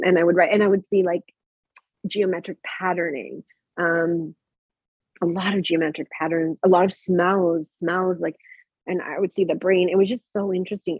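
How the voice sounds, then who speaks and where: A guest of Mexican heritage who lives in Canada casually shares personal stories about her spiritual practices, rambling with lots of fillers and restarts. Her voice is lowish and slightly rough. The recording is dry, with no room sound and a tinny, phone-like quality.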